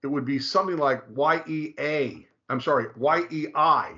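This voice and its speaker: Man explaining with halting restarts. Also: on the high side, sharp tone, muffled recording. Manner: halting, frequent restarts, slow drawn-out stress on names. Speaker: presenter. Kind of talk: casual explanatory discussion.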